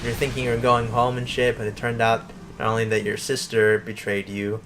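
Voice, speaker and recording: A man's voice: medium pitch, completely flat delivery, normal speed, a bit bright, slight background noise. A man hosting a let's play, chatting casually with lots of fillers and restarts. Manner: rambling, filler-heavy restarts. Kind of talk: casual gameplay commentary.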